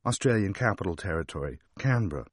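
A man's voice: sits low, lively intonation, quick pace, no echo, clean studio sound. A man doing a frank young shop girl. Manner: rising statement intonation. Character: young female shop assistant, frank and chatty.

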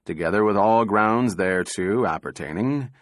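A man voicing a calm, unruffled male prosecutor who speaks evenly and with dry irony. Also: on the low side, moderate pace, no room sound, natural voice. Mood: cool. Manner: even, indifferent, dryly ironic.

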